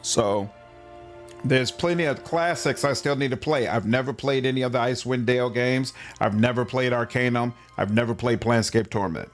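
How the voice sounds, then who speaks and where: A man's voice: mid-range voice, moderate pace. Chill guy streaming a game, talks to chat, mid voice, faint game music. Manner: relaxed, chatty, answers chat. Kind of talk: casual gameplay livestream commentary.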